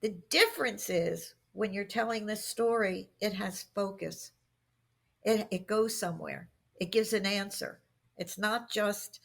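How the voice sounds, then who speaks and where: A middle-aged woman with an unhurried, gravelly, mid-range voice appears as a guest expert on workplace communication in a podcast interview. She tells lively workplace anecdotes, acting out the quotes within them.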